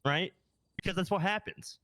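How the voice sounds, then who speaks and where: A man's voice: high-pitched, normal speed, sharp tone. A man playing a gang member in a role-play meeting, talking emphatically, swearing and repeating himself. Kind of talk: heated in-character meeting talk.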